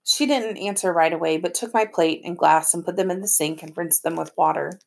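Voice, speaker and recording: Woman, audiobook narrator, first-person story, gravelly, creaky edge. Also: lowish voice, a little fast. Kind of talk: scripted narration.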